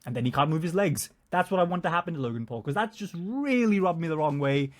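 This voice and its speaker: Angry, high-voiced young man ranting. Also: expressive, quick pace. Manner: heated, profane, loudness swinging from muttered to shouted. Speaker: vlogger. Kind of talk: casual rant to camera.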